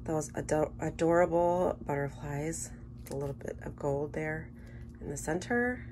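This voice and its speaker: A woman chatting casually through an unboxing, gushing with enthusiasm and dropping into soft murmured asides. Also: deep voice, unhurried, a little hiss or hum. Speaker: scrapbooking vlogger.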